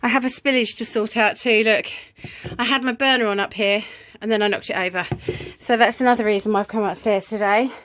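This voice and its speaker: Chatty woman, slightly high voice. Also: steady tone, fairly quick, fairly bright tone, poor audio. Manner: chatty and rambling, with frequent ums and little laughs. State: a bit out of breath. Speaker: craft vlogger. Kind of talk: casual vlog chat. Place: home craft room, indoors. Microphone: handheld camera.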